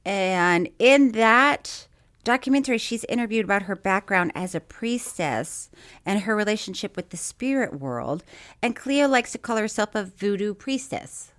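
A woman's voice: mid-range voice, expressive, unhurried, fairly bright tone. A woman co-hosting a casual podcast chat, laughing often and acting out quotes. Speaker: podcast co-host.

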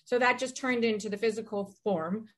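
A woman in her forties, a podcast guest chatting casually and telling rambling, animated stories with many restarts. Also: a little high, moderate pace. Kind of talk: casual chat.

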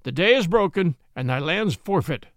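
A man voicing a timid, self-serving lawyer who speaks in a trembling, shrill voice. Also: expressive, normal speed, fairly bright tone, no echo, studio quality. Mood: nervous.

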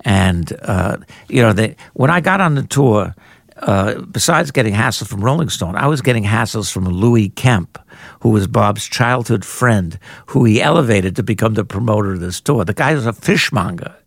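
An older man, an author and journalist, telling anecdotes in an animated way in a conversation and jumping into higher voices when he quotes people. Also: normal speed, creaky, no room sound, studio quality. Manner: animated raconteur, jumps into high-pitched voices for quoted people. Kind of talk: anecdotal storytelling in a podcast conversation.

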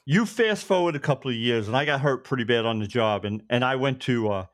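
A man, a retired police officer telling lively stories and acting out the lines of the people in them. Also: medium pitch, fairly quick. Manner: animated, acts out others' lines in quotes. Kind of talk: anecdotal storytelling.

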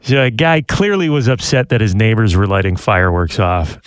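A man's voice: on the low side, big pitch swings, normal speed, smooth, no room sound. Man, radio co-host, casual banter, dry studio sound. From Canada. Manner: chatty, laughs often.

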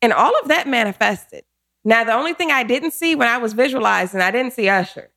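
A woman telling a personal story in a casual chat, animated and laughing often as she goes. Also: fairly high pitch, fairly quick, vocal fry. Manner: animated, laughing often, acts out quoted voices.

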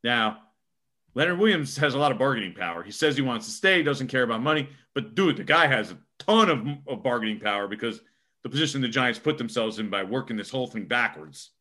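A young man giving casual sports podcast analysis, emphatic and animated, often tacking on "okay?". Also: medium pitch, brisk. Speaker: co-host.

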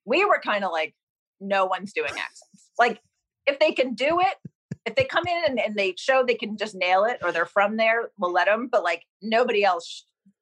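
Female showrunner guest from Massachusetts, middle pitch, loose and rambling. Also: lively intonation, moderate pace, a bit bright, rough recording. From Cambridge, Massachusetts. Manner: rambling, many "like" and "um" fillers. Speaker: TV series creator, guest. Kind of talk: casual interview chat.

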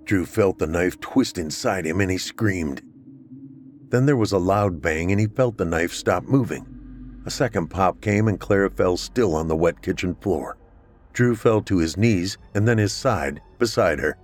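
A man narrating a scripted horror story in a steady, measured way. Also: low voice, slight background noise.

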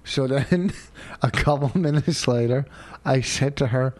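A man's voice: medium pitch, measured pace, dry recording. Man telling stories on a dry mic. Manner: animated storyteller, repeats himself. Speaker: radio host. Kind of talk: casual couple argument on a podcast.

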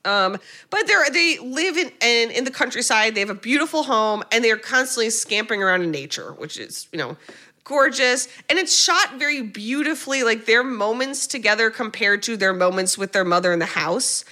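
Casting: woman, podcast co-host, playful and rambling, fairly high, bright tone. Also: expressive, normal speed. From United States. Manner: playful, rambling, jokey asides. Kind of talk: casual comedic movie recap.

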